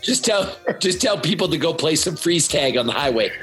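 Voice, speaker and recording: A man's voice: a little high, expressive, fairly quick, music in the background. A man hosting a podcast, teasing his co-host and often tripping over his words. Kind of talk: casual chat.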